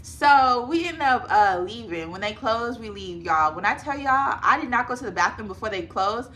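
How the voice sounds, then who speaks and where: A woman's voice: a little high, expressive, moderate pace, pushed and bright. A young woman in her twenties casually telling a storytime to her viewers, chatty and full of fillers, often addressing them as y'all. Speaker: vlogger.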